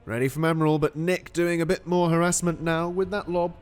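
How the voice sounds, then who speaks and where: A man giving excitable, animated play-by-play commentary on a strategy game. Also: on the high side, fairly quick, faint music behind.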